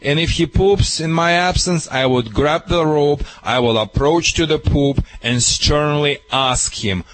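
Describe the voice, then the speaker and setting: A man working as a dog trainer who gives advice on call-in radio in broken, non-native English, lively and emphatic. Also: on the high side, a little slow, few pauses, low-quality recording.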